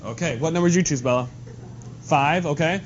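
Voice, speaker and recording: A male math teacher giving a lively, joking lesson to his class in a classroom. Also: a little high, fairly quick. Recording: dull lo-fi classroom recording with faint noise.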